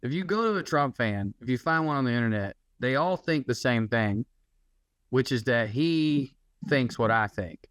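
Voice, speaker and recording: A man's voice: medium pitch, lively intonation, moderate pace, fairly bright tone, clean tone, dry recording. A man hosting a podcast in casual political chat, wry and sardonic, riffing on what others say. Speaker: podcast host.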